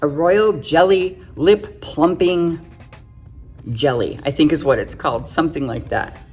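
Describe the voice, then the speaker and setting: A woman's voice: low-pitched, a little slow, a little mellow, slightly rough, faint music behind. A middle-aged woman chatting through a casual makeup tutorial, full of self-joking, giggly asides. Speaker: makeup vlogger.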